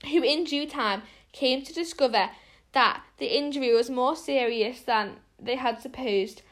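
A woman reading a classic storybook aloud with expression, often tripping on words and restarting. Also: high-pitched. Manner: expressive reading with frequent small stumbles and restarts. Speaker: narrator.

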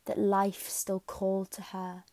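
A woman reading a classic novel aloud in a quiet, measured way, sometimes sinking to a whisper. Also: mid-range voice, monotone, dry recording. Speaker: audiobook narrator. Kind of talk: scripted narration.

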